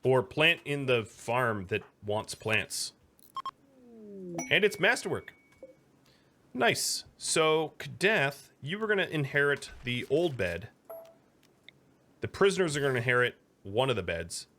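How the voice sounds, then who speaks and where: A man's voice: mid-range voice, big pitch swings, takes it slowly, pauses often, pushed and bright, slight background noise. An American man from the United States giving casual, chatty commentary while streaming a game, talking to viewers between moves. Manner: chatty, talks to chat and to his pet between game moves.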